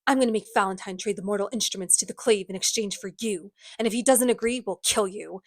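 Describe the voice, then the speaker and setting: A woman's voice: mid-range voice, fast, dry recording, studio quality, natural voice. A woman quoting a stern, ruthless middle-aged female inquisitor with a cold, commanding manner.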